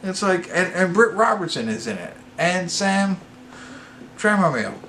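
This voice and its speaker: A man's voice: high-pitched, moderate pace, a little hiss or hum. A man hosting a casual movie review vlog, talking in a meandering way, correcting himself and getting worked up as he goes. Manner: meandering, self-correcting, gets excited. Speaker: movie reviewer, channel host.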